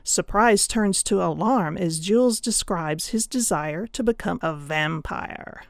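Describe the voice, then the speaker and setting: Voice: medium pitch, a little slow, creaky, no room sound, clean studio sound. An audiobook presenter giving a friendly, informative overview of a story collection. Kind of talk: promotional overview.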